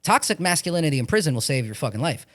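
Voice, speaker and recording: A man in his forties from Florida, an actor talking as a podcast guest in a casual, animated way, swearing often as he tells stories. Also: a little high, rapid-fire. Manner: profane, animated storytelling with frequent swearing. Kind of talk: casual chat.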